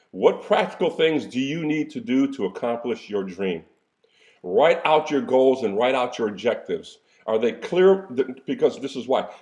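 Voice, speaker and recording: A man's voice: medium pitch, darkish tone. Preacherly motivational coach man. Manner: preacherly, exhorting with rhetorical questions. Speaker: life coach. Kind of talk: motivational talk.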